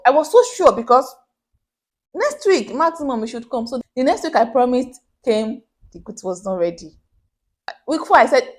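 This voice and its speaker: A young small business owner with a Nigerian accent recounts something that happened to her on her vlog, performing each quoted person's voice with lively energy. Her voice is a little high and her pace fairly quick.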